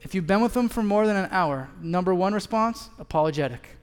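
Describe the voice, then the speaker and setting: A man's voice: high voice, expressive, fairly quick, smooth. A man in his thirties preaching a sermon as a pastor, telling a story and acting out both sides of the conversation. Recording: long hall reverb.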